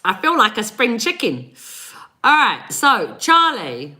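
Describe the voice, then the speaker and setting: Here the English energy reader, a woman in her forties, sounds fairly high-pitched and sharp, with huge swings in pitch and a slow pace. She's doing live readings, talking with her stream audience and often breaking into laughter.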